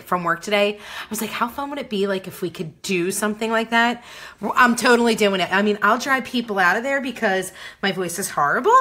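A woman's voice: mid-range voice, pushed and bright. A woman hosting a crafting livestream, chatting casually and greeting viewers by name in a bubbly, talkative way.

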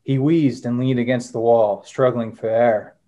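A young adult man talking about his own novel in a relaxed, filler-heavy way. His voice sits at an ordinary male pitch, and he also reads his prose aloud in a steady narration. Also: a little slow. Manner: casual, many "uh" fillers. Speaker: author, former Marine. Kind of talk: interview answers and reading from his novel.

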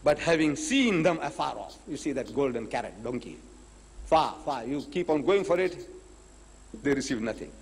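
Man, public lecture, acts out the dialogue, swooping pitch, echoey hall. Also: normal speed, slightly rough. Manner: animated storyteller, acts out both sides of the dialogue. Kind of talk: public lecture with retold debate.

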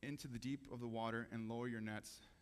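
A man's voice: mid-range voice, fairly even intonation, quick pace, clear, resonant tone. A man giving a sermon in a church, talking casually and asking the audience questions. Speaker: preacher.

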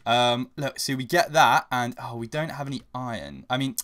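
A young man giving casual, chatty commentary over a video game he is playing, getting loud and swearing when under attack. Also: mid-range voice, normal speed. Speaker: gaming channel host.

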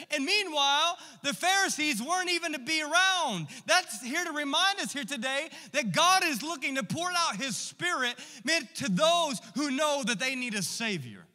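In a large church hall with long reverb, a pastor in his thirties delivers an impassioned, conversational sermon and drops casual remarks to the congregation. His voice is very high and sharp.

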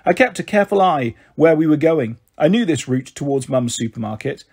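A man with a slightly high, husky voice reads a children's novel aloud. He narrates gently and shifts his tone as he moves between characters. The delivery is steady and made for young listeners. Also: brisk. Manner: gentle, voices the characters with raised and lowered pitch. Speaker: storyteller reading aloud.

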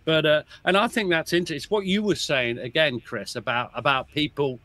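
A man's voice: a little high, moderate pace, pushed and bright, no echo. A man talking as a guest oral historian in a podcast, telling soldiers' stories with relish, chuckling often and restarting his sentences. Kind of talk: animated storytelling in a podcast chat.

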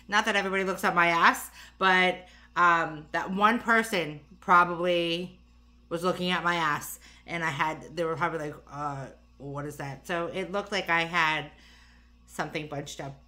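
Tired woman doing a makeup vid, bright low-ish voice, rambly and a bit out of breath, filmed close on her phone at home. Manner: rambling, many fillers and asides. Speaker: beauty vlogger. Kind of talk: casual makeup tutorial chat.

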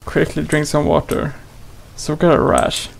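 Gravelly man doing playful game commentary. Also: on the high side, sing-song, normal speed, a little hiss or hum, rough recording. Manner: playful, exclaiming, talks to the game character. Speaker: gaming channel host. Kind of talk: let's play commentary.

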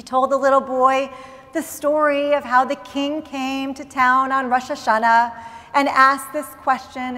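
A woman rabbi delivers a sermon as an expressive, dramatic story. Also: high voice, unhurried. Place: synagogue sanctuary. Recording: long reverb in large hall.

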